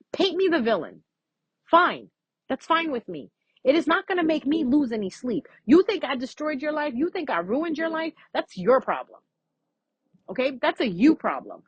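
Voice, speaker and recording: A woman's voice: high voice, no room sound, dull audio. A woman giving a casual, frank astrology reading as a vlogger, chatty and freely swearing.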